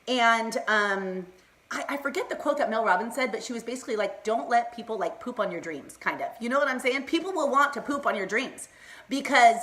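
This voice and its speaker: Talking casually on Facebook Live, this middle-aged woman has a slightly high, somewhat bright voice. She rambles in a bubbly way, laughing a lot and calling out to viewers by name.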